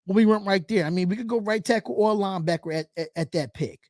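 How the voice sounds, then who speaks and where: Casting: male host with a high voice, loose and repetitive, close and dry. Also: quick pace, a little mellow, dry recording. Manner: chatty, repeats phrases, reads comments aloud. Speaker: podcast host. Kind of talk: casual live-stream chat.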